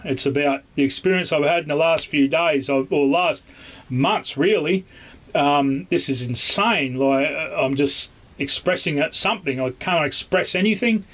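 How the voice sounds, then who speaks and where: A man with an Australian accent recounts a story in a loose, casual way. He restarts sentences often and fills pauses with ums and uhs. His voice sits a little on the high side. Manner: rambling, with many fillers and restarts. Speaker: vlogger.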